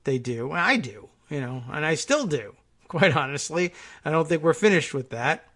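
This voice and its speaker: Male radio host, fairly high voice, wry and musing, rambling monologue. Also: sing-song, moderate pace, a bit bright. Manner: wry, musing, conversational with frequent restarts. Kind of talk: political talk radio monologue.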